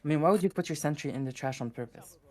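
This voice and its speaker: A woman casting a live card game match in an unusually deep voice. She talks hesitantly, with lots of fillers, as she works through what happened on the table. Faint music plays behind her. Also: rapid-fire, dark tone. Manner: hesitant, filler-heavy, puzzled. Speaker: tournament commentator.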